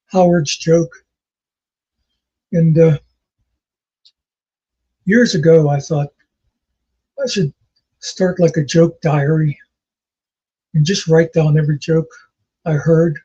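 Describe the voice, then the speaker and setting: Husky older man telling rambling stories. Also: a little high, little pitch movement, slow pace, long pauses, warm tone. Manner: rambling storyteller, laughs at his own jokes. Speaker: host. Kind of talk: casual chat. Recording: dull lo-fi recording.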